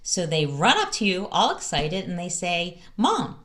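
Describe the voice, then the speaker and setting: A woman's voice: fairly low pitch, normal speed. A middle-aged woman hosting a parenting advice vlog in a casual, storytelling way. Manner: lively, animated storytelling with acted-out quotes.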